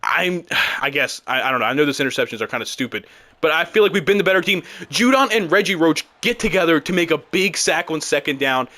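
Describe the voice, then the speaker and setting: A young man commentating his own football video game, frustrated and exasperated, breaking into loud outbursts. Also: fairly high pitch, lively intonation, fast. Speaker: gaming YouTuber. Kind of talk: live gameplay commentary.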